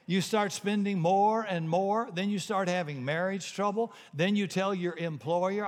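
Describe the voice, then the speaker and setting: Man, preacher, folksy sermon, fairly high voice, long hall reverb. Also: a little slow, hardly any pauses. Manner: folksy, punchy, animated storytelling. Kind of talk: sermon with jokes.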